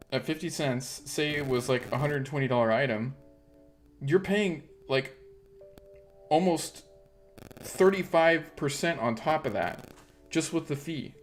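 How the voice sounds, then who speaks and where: A man hosting a casual livestream, ranting in frustration and swearing heavily. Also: a little high. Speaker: crypto livestream host.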